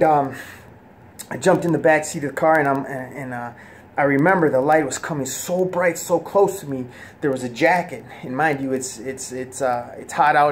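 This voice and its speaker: Earnest, halting man giving a testimony. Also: mid-range voice, slight background noise. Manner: halting, with many fillers and restarts; earnest and soft-spoken. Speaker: person giving a religious testimony. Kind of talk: personal testimony.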